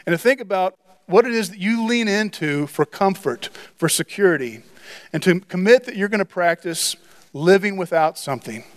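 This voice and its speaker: A man's voice: sits high, animated, moderate pace. A pastor preaching a sermon in church, earnest and repetitive, often restarting his phrases.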